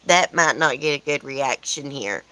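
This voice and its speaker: A woman with a Southern US accent, her voice sitting deep and low, chats loosely with her livestream viewers. She rambles from topic to topic and answers their comments as she goes, talking from outdoors at home. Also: expressive, a little slow, sharp tone, rough recording. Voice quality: chatty, rambling, answers chat comments aloud. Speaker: livestream host. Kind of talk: casual livestream chat with viewers.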